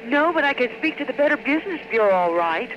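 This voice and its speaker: A woman's voice: sits high, big pitch swings, fast talker. A woman on a phone call, dry and wary, with sarcastic replies. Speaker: prank call target. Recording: noisy phone line.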